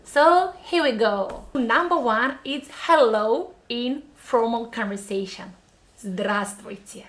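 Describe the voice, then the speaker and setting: A woman with a Russian accent teaching a pronunciation lesson, upbeat and slowing down to drill words syllable by syllable. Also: a little high, animated, a bit bright.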